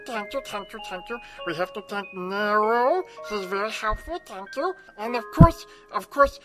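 A woman's voice: fairly high pitch, poor audio. A woman voicing an eager little girl character who talks in a childlike, giggly, repetitive way.

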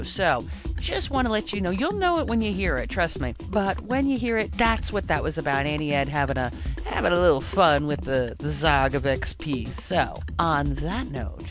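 Male podcast host, lively swooping delivery, rambling asides, music bed behind. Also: a little high, moderate pace. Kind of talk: casual podcast chat.

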